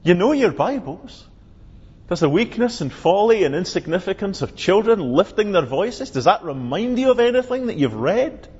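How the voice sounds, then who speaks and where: A man preaches an earnest, emphatic sermon in a high, husky voice, his words ringing through a church's long reverb. The recording is dull and lo-fi. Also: very animated, normal speed, darkish tone. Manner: earnest, emphatic preaching, rising on quoted cries. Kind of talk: sermon expounding scripture.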